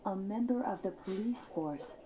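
An actress voicing a calm, analytical teenage detective in a video game, measured and precise, with game music behind her. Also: medium pitch, a crowd in the background, lightly acted, low-quality recording.

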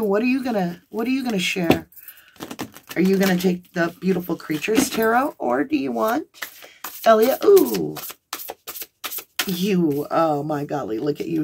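A woman's voice: medium pitch, measured pace, a little hiss or hum. Gushing woman reading tarot cards. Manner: excitable, gushing, talks to the viewers directly. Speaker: tarot reader. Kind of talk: tarot card reading for viewers.

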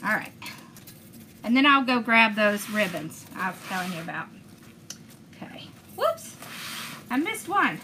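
A woman's voice: mid-range voice, big pitch swings, moderate pace, pauses often, pushed and bright, slight background noise. A woman hosting a crafting video, chatting enthusiastically as she talks viewers through each step. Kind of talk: casual crafting demonstration.

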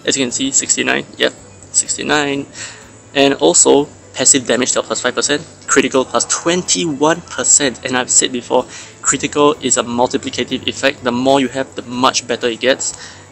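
A man's voice: mid-range voice, fairly even intonation, moderate pace, creaky, a bit bright, a little hiss or hum. A man hosting a mobile game channel, chatting casually and analytically about characters and stats, with fillers and restarts.

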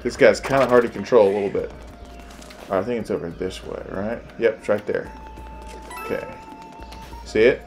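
A man playing a video game with his child, chatting casually and cheering excitedly, game music behind him. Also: lowish voice. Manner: excitable, cheers his kid on with rapid repeated urging. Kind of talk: casual gameplay chat.

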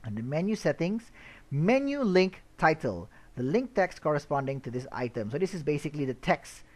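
A man explaining website setup step by step in a screen-recorded tutorial, relaxed, with frequent "uh" and "all right?" checks. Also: fairly high pitch, normal speed. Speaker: web tutorial instructor.

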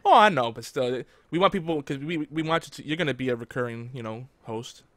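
Male host, relaxed chat, quick bursts, laughs a lot, dry close mic. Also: medium pitch, no echo. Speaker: podcast host. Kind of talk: casual chat.

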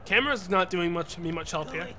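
A young man streaming a wrestling game, frustrated and profane, yelling at the referee between muttered plans. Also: sits high, a little fast, a little hiss or hum. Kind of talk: gaming commentary.

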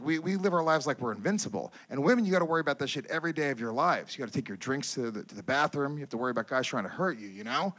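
A mid-range male voice belongs to a stand-up comic working a live audience from the stage. He's loud and lively, trading profanity-laced jabs with the crowd and yelling out character impressions.

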